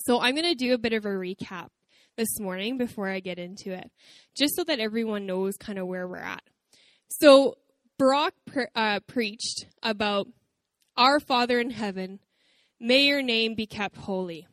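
A woman nearing thirty preaches from a church stage in a bubbly, storytelling way. Her voice sits fairly high and sounds dry and close to the mic. She talks like she's chatting with friends. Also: normal speed, no room sound. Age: 20s. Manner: chatty, animated, laughing storyteller. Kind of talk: casual church sermon intro. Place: church stage before audience.

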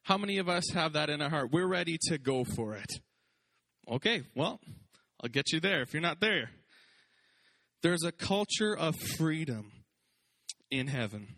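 A man preaching a sermon as pastor, lively and conversational, joking and acting out quotes. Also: fairly high pitch, moderate pace, pauses often.

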